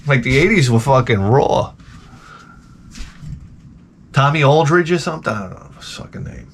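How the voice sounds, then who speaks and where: A podcast host with a gravelly, mid-range voice rambles and rants crudely on a casual talk show, often slipping into mocking voices. He's expressive and speaks at a normal speed, with a little hiss or hum audible.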